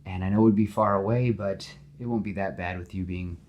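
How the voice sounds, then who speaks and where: A man voicing a young woman, an emotional girlfriend, in a retold movie pitch, pleading and frustrated. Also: fairly even intonation, fairly quick, highs cut off, lightly acted. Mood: reassuring. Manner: pleading then shouting in frustration.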